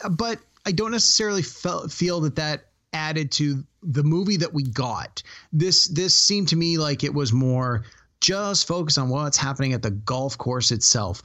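Man chatting about a film, halting. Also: mid-range voice, a bit bright, muffled recording. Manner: halting, many restarts and fillers. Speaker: podcast co-host. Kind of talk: casual movie discussion.

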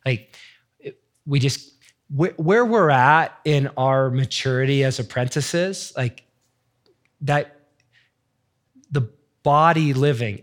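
A man's voice: medium pitch, takes it slowly, pauses often. A middle-aged man giving a heartfelt teaching talk in an earnest, searching, emotional way. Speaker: faith teacher sharing testimony.

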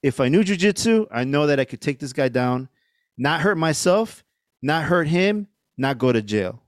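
A man's voice: fairly high pitch, animated, moderate pace, no room sound, clean studio sound. A middle-aged man, a podcast guest, telling a story casually with lots of fillers and swearing. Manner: rambling, profane, lots of fillers.

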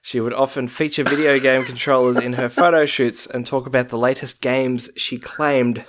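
Young aussie bloke telling a story on a podcast, dry jokey delivery. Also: male voice, medium pitch, little pitch movement, normal speed, a bit bright. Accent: Australian. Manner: wry, tells researched stories with jokes. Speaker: podcast co-host. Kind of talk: casual podcast chat and reading research.

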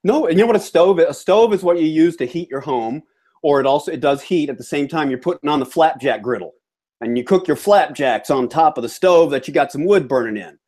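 A man's voice: a little high, animated, a little fast, darkish tone. Man from Georgia, co-host; folksy, opinionated casual chat. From Georgia, US South. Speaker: co-host of an appliance repair show.

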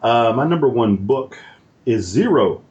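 A man co-hosting a casual comics podcast who teases his partner and keeps throwing in quick jokes. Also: mid-range voice, expressive, darkish tone, muffled recording. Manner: jokey, teasing, quick with gags. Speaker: podcast co-host.

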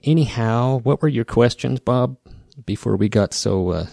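Hosting a casual podcast, a man with a rural Western Midwest American accent rambles wryly and keeps interrupting himself to restart. His mid-range voice is creaky and warm, at a moderate pace. The studio sound is clean and dry.

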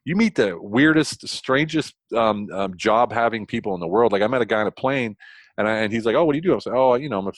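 A middle-aged American man speaks quickly in a fairly low voice, with the dry, close sound of a mic in a quiet space. He tells his stories with eager energy, stumbling over restarts and leaping up in pitch when he wants to stress something. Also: no room sound. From United States. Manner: fast, enthusiastic, frequent restarts, jumps high in pitch for emphasis. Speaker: podcast guest, consultant. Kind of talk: animated storytelling interview.

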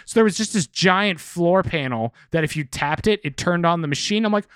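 Recorded dry with clean studio sound, this comics podcast co-host has a clear, resonant mid-range voice at a moderate pace. The talk is casual and rambling, with some swearing.

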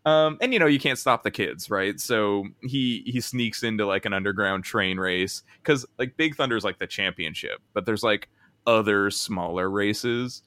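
A man improvising a comedic movie pitch, rambling and halting with many restarts. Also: bright, forceful tone.

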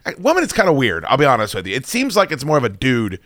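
Man, podcast host, rambling, swears a lot, animated pitch, dry close studio sound. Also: fast talker, dry recording. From United States. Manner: rambling, profane, opinionated. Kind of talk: casual chat.

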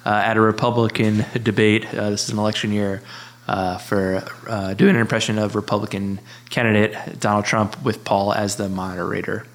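A man's voice: lowish voice, flat delivery, moderate pace. A man in his thirties co-hosting a casual podcast chat, hesitant with many fillers and frequent laughs. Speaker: podcast co-host.

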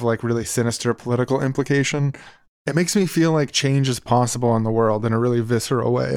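A man's voice: mid-range voice, a little mellow, clear, resonant tone, no room sound, studio quality. A man co-hosting a podcast, explaining terms and chatting in an earnest way. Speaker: podcast co-host. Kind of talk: casual podcast chat.

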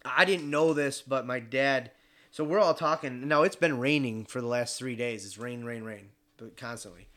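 A young man casually telling a hunting story, animated and swearing freely as he acts out other people's voices. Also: medium pitch, moderate pace.

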